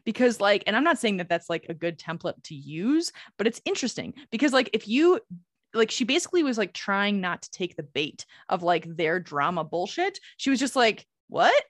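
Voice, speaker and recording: A woman's voice: mid-range voice, big pitch swings, fairly quick, no echo, clean studio sound. A woman co-hosting a podcast, talking casually with lots of "like" fillers and frequent laughter. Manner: chatty, many "like" fillers, laughs often. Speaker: podcast co-host.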